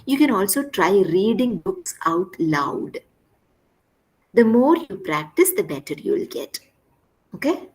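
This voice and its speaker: A woman's voice: mid-range voice, very animated, slow, pauses often, rough recording. A woman instructor leading an online workshop session over a video call, patiently repeating key points and checking in with "right?". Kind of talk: online class teaching.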